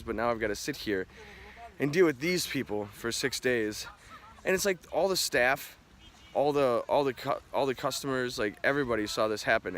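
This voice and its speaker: A young man with a fairly low voice vents to his camera outdoors, frustrated and swearing freely. He talks through the story in a ranting, storytelling way. Faint outdoor ambience sits behind him. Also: a bit bright, a little hiss or hum. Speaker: travel vlogger. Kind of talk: venting vlog to camera. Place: outdoors by an island resort restaurant.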